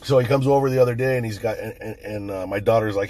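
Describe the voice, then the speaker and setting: A man's voice: lowish voice, fast talker, darkish tone, a little hiss or hum. A middle-aged man who is the channel host, talking bluntly in a casual monologue, swearing constantly as he tells stories.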